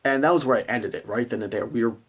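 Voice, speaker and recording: A man's voice: mid-range voice, quick pace. A man who runs a tabletop game, giving a rambling, conversational recap of a session and acting out his players' reactions. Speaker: game master.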